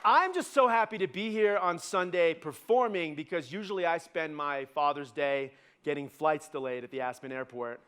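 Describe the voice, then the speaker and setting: A man's voice: on the high side, moderate pace, a bit bright, clean tone. A man doing a cooking demo for a live audience, chatty and self-deprecating, full of "like" and "right?". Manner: joking, self-deprecating, filler-heavy with "like" and "right?". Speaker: celebrity chef giving a cooking demo.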